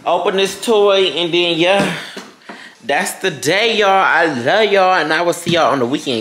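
A man's voice: sits high, measured pace, roomy sound, noisy background. A man chatting casually to his viewers in an upbeat vlog, calling them y'all. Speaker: vlogger.

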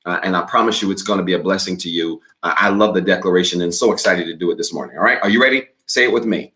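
A man preaching as a pastor, upbeat and direct, reading declarations slowly so listeners can repeat after him. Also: low-pitched, sharp tone. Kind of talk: sermon with responsive reading.

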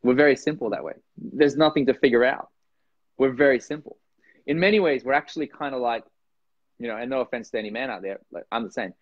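A man from Norway, a podcast guest talking casually and animatedly, acting out voices with big pitch jumps. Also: quick pace, no echo, highs cut off. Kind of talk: casual conversation.

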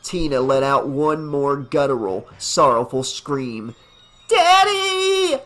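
A man narrating a fan novelization as an audiobook in a dramatic, deliberate reading. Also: medium pitch, a bit bright, faint music behind. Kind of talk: scripted narration.

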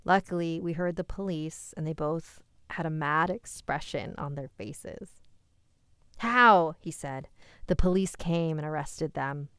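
A woman reading a listener's scary story aloud, with quick asides of her own. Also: low voice, steady tone, clear, resonant tone, dry recording, clean studio sound.

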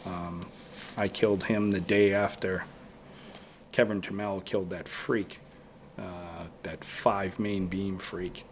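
A man's voice: deep voice, fairly even intonation, takes it slowly, slight background noise. A man talking as a podcast guest, telling a rambling story and acting out his own past thoughts in quotes. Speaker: guest bowhunter. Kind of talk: casual storytelling in a podcast interview.

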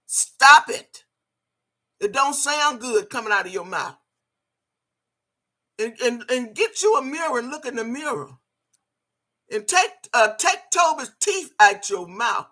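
A woman's voice: a little high, sing-song, a little slow, pauses often, sharp tone, slightly rough. An older woman ranting on camera in heated, scolding commentary, cursing freely and repeating her phrases for emphasis. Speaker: video blogger.

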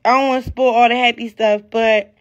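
A woman talking casually on a live stream, rambling and excitable, full of slang and losing her train of thought. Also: fairly high pitch, fairly quick, lo-fi sound.

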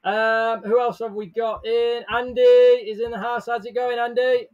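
A man chats live to his viewers in a bright, high-pitched voice. He is upbeat and casual, calling out names from the chat and laughing easily between greetings. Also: flat delivery, measured pace, highs cut off. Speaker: livestream host. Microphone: headset or earbuds with desk mic.

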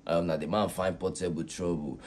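A man's voice: low-pitched, steady tone, a little fast, darkish tone. A Nigerian man hosting a casual commentary vlog, chatty and slipping into Pidgin as he talks to viewers. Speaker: vlog host.

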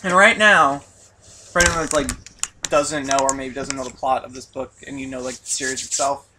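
A young man chatting casually in a rant video, rambling and swearing with excitable bursts. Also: mid-range voice, moderate pace, background noise. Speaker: vlog co-host.

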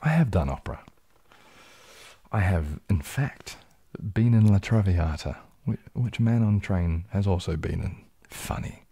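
This ASMR streamer from New Zealand speaks in a deep, husky, warm voice that's expressive and unhurried. He reads out viewers' comments and responds in a low, easygoing way, keeping the live-stream chat casual and soft-spoken.

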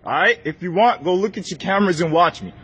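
Insistent high-voiced man confronting staff. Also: fast talker, slightly rough. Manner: loud, insistent, repeating demands. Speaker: customer filming a confrontation. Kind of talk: heated filmed confrontation. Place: inside a large store. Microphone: handheld phone recording.

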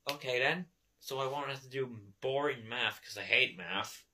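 A young man in a casual comedy sketch, giving slow, deadpan answers. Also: medium pitch, a little hiss or hum.

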